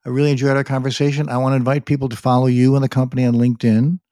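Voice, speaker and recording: Man, podcast host, mellow voice, dry close mic, friendly, brisk. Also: medium pitch, little pitch movement, no room sound.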